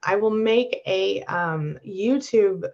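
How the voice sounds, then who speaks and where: A woman coaching abuse survivors on a live stream, reading viewer comments and answering them with warm encouragement. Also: mid-range voice, slow, muffled recording.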